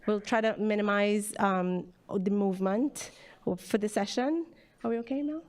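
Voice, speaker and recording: A woman's voice: medium pitch, normal speed, darkish tone. Woman introducing a live literary session. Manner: informal, hesitant, with fillers. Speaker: event organizer introducing the session. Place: live literary event venue.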